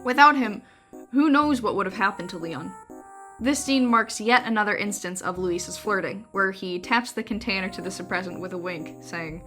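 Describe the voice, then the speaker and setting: A woman's voice: medium pitch, moderate pace, over music. A young woman narrating a scripted video essay in a wry, conversational way with dry jokes.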